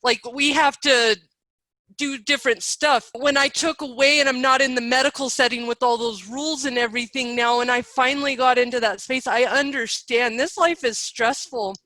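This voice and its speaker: A woman's voice: high voice, steady tone, normal speed, bright, forceful tone, no room sound, rough recording. A woman in her thirties hosting a podcast, talking in an emotional, spiritual, chatty way. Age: 30s. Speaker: podcast host. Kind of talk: casual interview chat.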